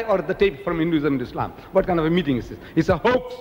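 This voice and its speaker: An older man from South Africa giving an animated public lecture, telling stories and mimicking the people in them. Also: a little high, fast, hardly any pauses, big-room sound, highs cut off, slight background noise. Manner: animated storytelling, mimicking others. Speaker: preacher.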